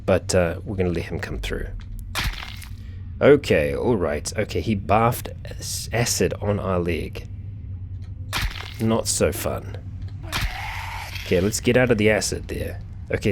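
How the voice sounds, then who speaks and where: Low-voiced man narrating his gameplay. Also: darkish tone, slight background noise. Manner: chatty, thinking aloud, frequent fillers. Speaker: let's play host. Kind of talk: gameplay commentary.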